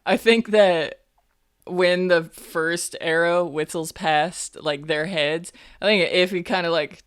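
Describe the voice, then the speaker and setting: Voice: mid-range voice, steady tone, slow pace, smooth. A player in a casual tabletop game, describing a character's actions in an easygoing way.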